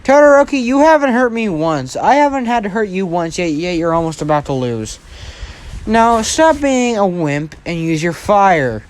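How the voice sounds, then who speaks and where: A man's voice: on the high side, expressive, moderate pace, clean tone, close to an everyday voice. A young man voicing a cocky teen superhero in his own retelling, taunting his rival in a smug, mocking way.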